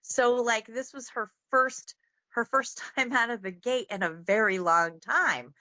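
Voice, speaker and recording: A woman's voice: on the high side, a little slow, bright, forceful tone, no echo, lo-fi sound. A woman who is a guest on a podcast, earnest and meandering as she talks about a film. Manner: earnest, meandering, many fillers. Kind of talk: casual film discussion.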